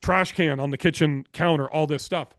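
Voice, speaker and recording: A man guesting on a podcast, telling business stories in an energetic, blunt way and swearing freely. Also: a little high, moderate pace, no echo, studio quality. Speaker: podcast guest, real estate investor. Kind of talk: casual interview storytelling.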